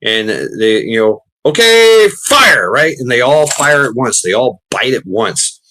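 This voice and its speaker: A man's voice: fairly low pitch, moderate pace, fairly bright tone, slight background noise. A man chatting casually while gaming, rambling with many restarts and fillers, swearing freely.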